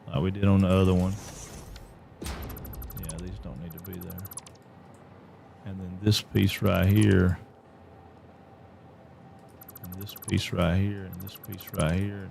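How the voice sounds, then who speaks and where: A man's voice: sits low, gravelly, warm tone, slight background noise. A man giving casual gameplay commentary, muttering and thinking aloud as he builds. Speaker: streamer.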